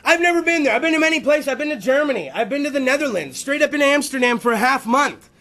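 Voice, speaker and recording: High-voiced, swearing man ranting. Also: quick pace. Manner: profane, rambling, excitable. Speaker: podcast host. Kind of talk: comedic rant.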